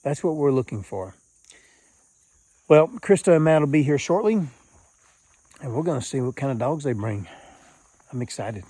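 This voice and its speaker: A man hosting a farm vlog, speaking casually with many fillers and cooing gently to a dog outdoors. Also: mid-range voice, expressive, moderate pace, pauses often, a little hiss or hum. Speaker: farm channel host.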